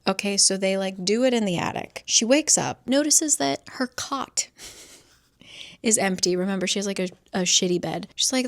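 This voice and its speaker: A woman's voice: medium pitch, normal speed. A young woman talking through a thriller in a casual, chatty way, sometimes dropping into reading the text aloud. She swears freely and acts out the characters' quotes as she retells the plot. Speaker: book vlogger. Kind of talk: casual book reading vlog.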